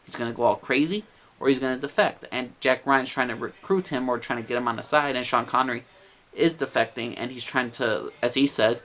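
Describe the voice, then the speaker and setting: A man's voice: medium pitch, fairly quick, a bit bright. A man giving a casual movie review, enthusiastic and rambling, with lots of "uh" and "like". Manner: enthusiastic, rambling with many fillers.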